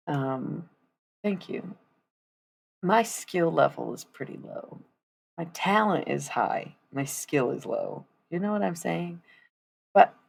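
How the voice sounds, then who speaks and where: A woman with a low, husky voice and a gravelly fry talks to her live-stream viewers while she paints. She rambles and swears freely between asides. There is a faint hiss of noise behind her. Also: darkish tone. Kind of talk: casual live-stream chat.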